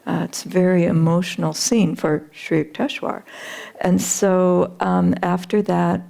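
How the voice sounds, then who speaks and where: A woman's voice: lowish voice, little pitch movement, measured pace, creaky, mellow. A woman retelling a spiritual story in a talk, earnest, with frequent fillers.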